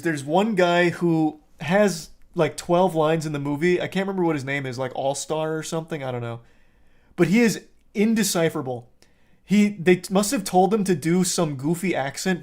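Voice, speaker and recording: Young male streamer, slightly high voice, sarcastic and profane, rambling casual chat. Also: moderate pace, a little mellow.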